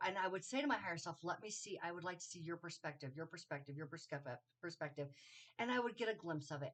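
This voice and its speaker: A woman's voice: fairly low pitch, fairly bright tone. A woman giving a casual spiritual astrology talk, rambling and correcting herself with lots of ums and okays. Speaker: astrology teacher. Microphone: solo video to camera.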